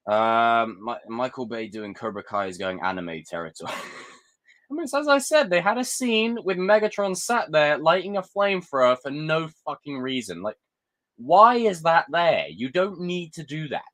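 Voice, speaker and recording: Man, young, live-stream chat, excitable and sweary, bright forceful voice. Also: a little high, moderate pace.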